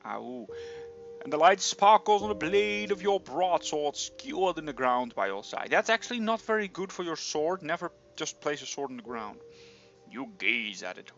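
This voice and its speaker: A young man reading a fantasy gamebook aloud, playfully breaking in with joking asides, on a slightly dull recording. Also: fairly high pitch. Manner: playful, animated, breaks in with jokey comments. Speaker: reader of a gamebook.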